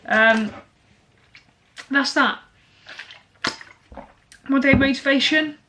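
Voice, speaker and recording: A woman's voice: high voice, drawn-out words, background noise. A young woman talking casually to camera as a fitness vlogger, blunt and motivational, with lots of fillers.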